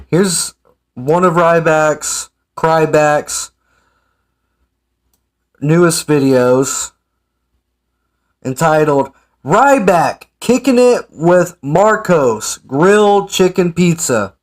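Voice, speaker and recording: A man's voice: on the high side, lively intonation, extremely slow, long pauses. A man giving casual, sarcastic ranting commentary as an online commentator. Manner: sarcastic, mocking.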